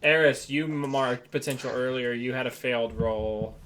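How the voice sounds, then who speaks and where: A man's voice: medium pitch, moderate pace, a loud crowd. A man narrating a tabletop game as game master, describing scenes loosely with many fillers.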